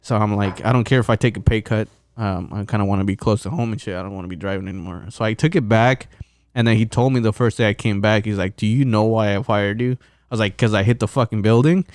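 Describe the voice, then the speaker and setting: A man's voice: lowish voice, steady tone, fast, clean tone, no room sound. A man rambles through a story on a casual podcast, swearing freely and restarting his sentences. He sits close to the mic in a dry, unreverberant space. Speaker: podcast co-host. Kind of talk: casual chat.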